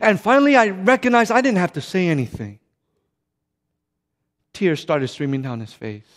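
A man with a notably high voice preaches in a church sanctuary, and his words ring out in a long reverb. He tells stories with drama and swings between loud passages and hushed ones. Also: very animated, normal speed. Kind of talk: sermon.

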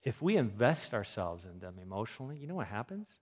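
A man's voice: fairly low pitch, fast talker. A man giving a health talk, telling a story about a mother and acting out what people said. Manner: animated storyteller acting out quoted voices.

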